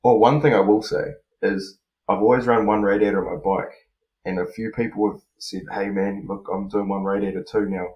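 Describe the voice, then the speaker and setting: A man chatting casually on a podcast, relaxed and rambling, with many fillers and restarts. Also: fairly low pitch, a little fast, lo-fi sound. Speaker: podcast co-host, freestyle motocross rider. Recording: roomy echo.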